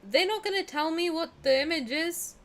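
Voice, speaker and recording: A woman's voice: extremely high pitch, animated, normal speed, fairly bright tone, a little hiss or hum. Bubbly Southern English woman streamer. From South of England. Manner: bubbly, giggly, self-mocking. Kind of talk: casual game stream chat.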